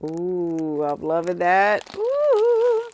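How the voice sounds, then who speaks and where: A woman's voice: fairly low pitch, expressive, takes it slowly, slight background noise. A woman crochet vlogger unboxing yarn, gushing with gasps and squeals. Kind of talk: unboxing vlog.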